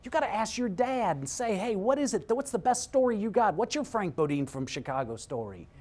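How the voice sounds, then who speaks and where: A middle-aged man giving an energetic motivational talk, telling a story and acting out the voices of the people in it, swinging from hushed to shouting. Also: sits high, fairly quick. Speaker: motivational speaker.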